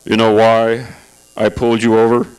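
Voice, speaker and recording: A man's voice: on the low side, completely flat delivery, moderate pace, darkish tone, smooth, voice pushed down, lightly acted, poor audio. A man voicing a swaggering male traffic cop, stern and clipped in a stand-up bit.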